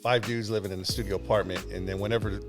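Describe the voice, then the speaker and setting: A man guesting on a podcast, telling rambling anecdotes in relaxed, casual conversation. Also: fairly low pitch, rapid-fire, over music. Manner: laid-back, rambling anecdotes with laughs.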